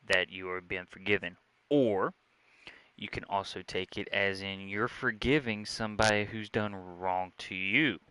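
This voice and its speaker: Southern US man, casual vlog chat, bright clear voice. A chatty, joking host rambling to camera with a fairly low pitch. Close and dry on his own microphone. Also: no echo. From Southern United States. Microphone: own desk microphone.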